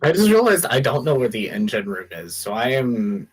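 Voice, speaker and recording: A man's voice: medium pitch, big pitch swings, moderate pace, breathy edge, poor audio. A man playing a tabletop game in casual chat, joking and thinking aloud about his moves. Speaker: player.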